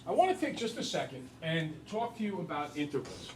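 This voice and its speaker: A male teacher lecturing a class in an animated, joking storyteller way. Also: on the high side, a little fast, background noise.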